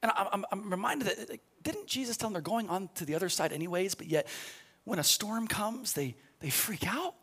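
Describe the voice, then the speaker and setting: A male pastor with a very high, bright voice, preaching a sermon. He tells the story conversationally, restarting sentences with repeated words, then climbs into loud, shouted preaching. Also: animated, fairly quick, husky.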